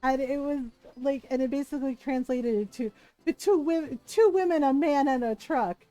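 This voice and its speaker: A woman's voice: high-pitched, normal speed, warm tone, no room sound, poor audio. A woman livestreamer chatting casually while gaming, rambling through stories with many fillers and frequent laughter.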